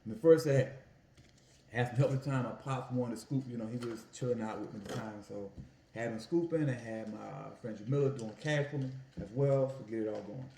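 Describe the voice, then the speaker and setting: A man's voice: mid-range voice, fairly quick, a little hiss or hum. Folksy man telling stories in an echoey kitchen. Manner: animated, folksy storytelling with "y'all" and "family". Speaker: food vlogger and Italian ice vendor. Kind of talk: casual storytelling while cooking. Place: home kitchen.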